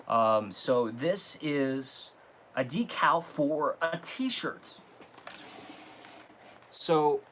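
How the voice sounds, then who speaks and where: A man's voice: medium pitch, slight background noise. A man hosting a live stream, chatting casually and gushing as he opens gifts, stumbling and backtracking as he goes. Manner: animated, gushing, reads a card aloud and stumbles. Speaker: live-stream host unboxing fan gifts.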